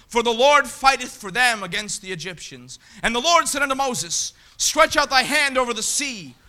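A man preaching a sermon, emphatic and building to shouts. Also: very high-pitched.

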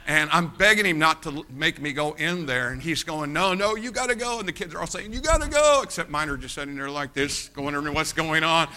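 A man from the United States preaching a sermon, telling an animated personal anecdote and addressing the congregation directly. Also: fairly high pitch. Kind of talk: sermon storytelling.

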